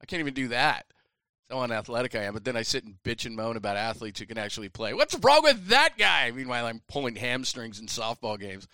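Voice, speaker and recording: A middle-aged man hosts a sports talk show, spinning a casual, self-mocking story. His voice is bright and forward, recorded close and dry with no room sound. He jumps into the voices of other people as he tells it. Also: medium pitch, fairly even intonation, fast talker, clear, resonant tone, dry recording. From San Francisco Bay Area.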